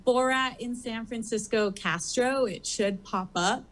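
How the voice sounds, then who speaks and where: Rambling higher-voiced woman, drag guest. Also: unhurried, a bit bright. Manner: rambling, full of "like" and "um". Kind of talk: casual interview chat. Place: comedy theater stage.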